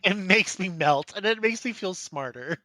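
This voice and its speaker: A man's voice: high-pitched, lively intonation, moderate pace, pushed and bright. A man co-hosting a podcast, playful and jokey in casual conversation. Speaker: podcast co-host.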